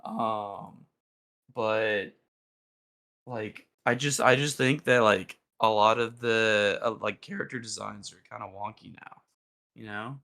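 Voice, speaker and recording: A young man co-hosting a casual esports podcast, rambling excitedly with lots of fillers and restarts. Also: fairly low pitch, takes it slowly, gravelly. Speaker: podcast co-host.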